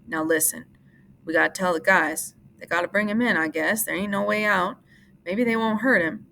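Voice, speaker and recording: A woman voicing a weary, guarded ranch worker who speaks in low, clipped lines. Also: normal speed, vocal fry, pushed and bright, slight background noise. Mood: urgent.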